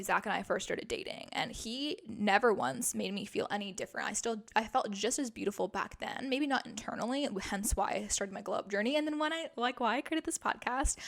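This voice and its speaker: A woman's voice: mid-range voice, gravelly. A woman in her twenties hosting a podcast, giving casual dating advice in an emphatic, chatty way full of filler words. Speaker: podcast host.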